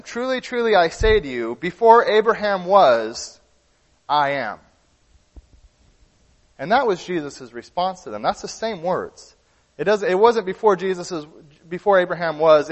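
A man's voice: sits high, long reverb tail. A man preaching a sermon in an earnest way, often restarting and repeating words as he explains.

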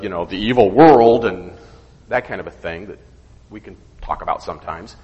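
A man's voice: low-pitched, moderate pace, a little mellow, in a large hall, muffled recording. A man teaching an informal Bible study, asking questions and checking in with "okay?", sometimes stopping to search for words. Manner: conversational, asks questions, frequent "okay?" checks.

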